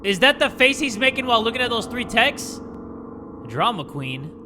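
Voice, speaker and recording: A man's voice: extremely high pitch, quick pace, background noise. A young man hosting a reaction video, cracking crude jokes in casual commentary. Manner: joking, crude wisecracks. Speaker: YouTube host reacting to videos.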